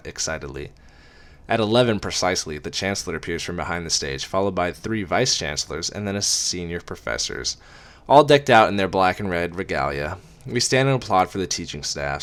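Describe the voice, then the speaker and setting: A man's voice: sits low, fairly bright tone. A man reading a novel aloud in a casual amateur way, with wry asides and casual swearing.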